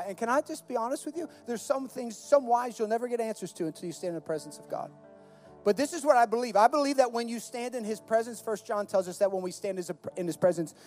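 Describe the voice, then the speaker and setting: A man preaches a sermon in a high, light voice. He talks casually, with repeated words and quick acted-out quotes. Quiet music plays underneath. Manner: conversational, stammering restarts, acts out quoted voices. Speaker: pastor.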